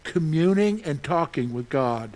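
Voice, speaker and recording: A male pastor gives a conversational sermon in a fairly high voice. He throws questions at his listeners and answers them himself. His stories turn animated, with loud bursts of exclamation. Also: measured pace. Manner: animated storytelling with sudden loud outbursts.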